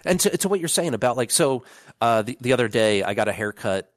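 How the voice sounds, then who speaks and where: A young man chatting casually on a sports podcast, swearing freely and packing his sentences with "like". His voice sits at an ordinary pitch. The sound is dry and close. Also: sing-song, brisk, no echo. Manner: rambling, profane, lots of "like" fillers. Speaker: podcast co-host.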